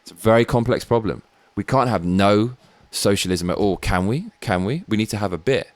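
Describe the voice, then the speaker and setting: Blunt, sweary British man with a low voice. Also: a little fast, dry recording. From Britain. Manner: blunt and sweary, rambling asides. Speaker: show host. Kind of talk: opinionated political commentary.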